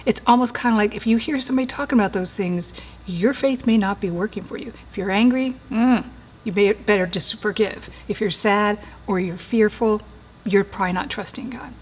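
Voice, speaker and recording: A woman in her forties or older, a therapist giving an earnest teaching talk, slowing down and dropping to a soft whisper for emphasis. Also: mid-range voice, husky. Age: 40s or older.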